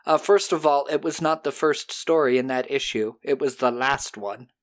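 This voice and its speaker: A podcast host casually recapping an episode, animated and profane, dropping into quick character voices. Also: mid-range voice.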